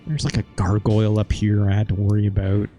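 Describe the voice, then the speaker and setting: A man's voice: lowish voice, completely flat delivery, fast, warm tone, soft background music. A man hosting a gaming video, recapping his playthrough in rambling, casual commentary and swearing offhandedly. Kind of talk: casual let's-play commentary.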